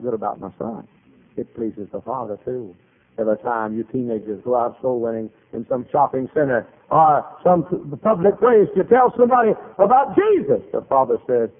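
A man preaching a sermon as pastor, animated, dropping to quiet asides and rising to shouted retellings. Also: medium pitch, normal speed. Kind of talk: revival-style sermon. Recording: tinny phone-like old sermon recording.

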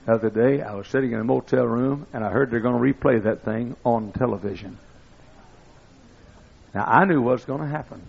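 An older man preaching a sermon, telling folksy stories that build up to excited shouting. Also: mid-range voice, fairly quick, gravelly, slightly rough. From East Texas. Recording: dull lo-fi recording.

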